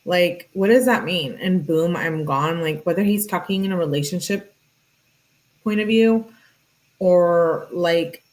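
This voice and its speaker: A woman's voice: on the low side, a little slow, darkish tone. A woman hosting a true crime channel, chatting casually and thinking aloud as she reads through text messages.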